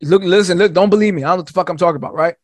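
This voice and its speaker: Rambling, high-pitched man who swears freely. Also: a little mellow, no echo. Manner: rapid rambling monologue, swearing, says "right?" often; acts out quoted voices in a high pitch. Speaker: podcast guest. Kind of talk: casual podcast chat.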